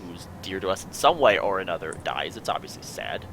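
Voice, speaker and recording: A man's voice: deep voice, big pitch swings, fairly quick, a bit bright, slight background noise, low-quality recording. A man hosting a casual panel chat, asking his guests questions and rambling through his own musings. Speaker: podcast host.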